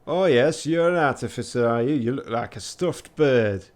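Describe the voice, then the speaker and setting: A man voicing an irritable woman mechanic in a rough, put-on Yorkshire accent, loud and gruff. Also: medium pitch, animated, moderate pace, lightly acted. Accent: bad put-on Yorkshire.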